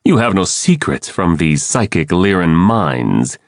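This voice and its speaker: A man's voice: low voice, sing-song, measured pace, no echo, clean studio sound, heavily acted. A man voicing a cold sneering alien controller. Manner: sneering, mocking. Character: cold cruel alien mind-controller, male.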